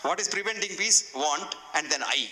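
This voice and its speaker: Bright-voiced Indian lecturer, man. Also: fairly high pitch, expressive, moderate pace, a little hiss or hum, poor audio. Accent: Indian English. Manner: humorous storyteller, self-deprecating. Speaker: guest lecturer. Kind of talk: public lecture with anecdotes. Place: hotel function hall.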